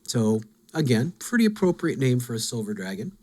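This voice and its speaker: A man of middling pitch talks through fantasy game lore as a podcast host. His delivery is casual and musing. He is quick to poke fun at himself over what he does not know. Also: sing-song, mellow. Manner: musing, self-deprecating.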